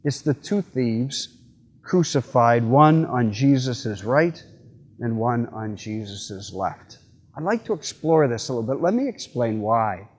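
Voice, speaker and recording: Folksy priest telling a story. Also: male voice, mid-range voice, unhurried. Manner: relaxed, folksy storytelling with frequent fillers. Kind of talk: homily with storytelling. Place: church sanctuary.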